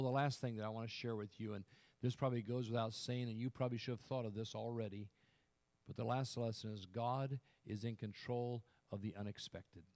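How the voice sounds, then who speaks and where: A man preaching a sermon, who swells loud to stress a point, then drops quiet and earnest, and often restarts words as he presses on. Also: mid-range voice. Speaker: pastor.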